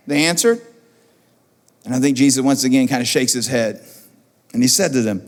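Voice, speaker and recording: A man's voice: on the high side, lively intonation, a little fast, pauses often, big-room sound. A man preaching a sermon as pastor, animatedly acting out the disciples in a raised voice. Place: church auditorium.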